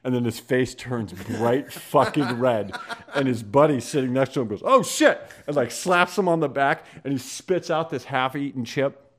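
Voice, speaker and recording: A man co-hosting a podcast, telling stories in an animated, profane, casual way. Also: mid-range voice, normal speed. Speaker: podcast co-host. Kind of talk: casual chat.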